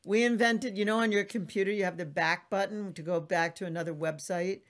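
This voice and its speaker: A woman's voice: medium pitch, steady tone, fairly quick. A woman hosting a podcast in casual conversation, effusive and emphatic, acting out quotes in a raised voice. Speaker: podcast host.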